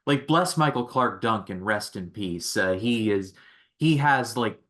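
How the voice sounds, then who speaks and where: A man's voice: lowish voice, animated, unhurried, fairly bright tone. A man guesting on a casual movie podcast, easygoing and wry, with lots of "like" fillers.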